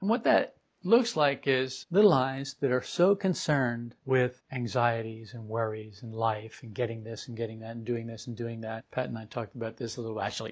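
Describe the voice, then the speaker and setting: A man giving an informal spiritual talk to a group, animated and emphatic, driving points home by repetition. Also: mid-range voice, breathy edge. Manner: animated, acts out quoted voices, emphatic repetition. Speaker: spiritual teacher. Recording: dull lo-fi recording.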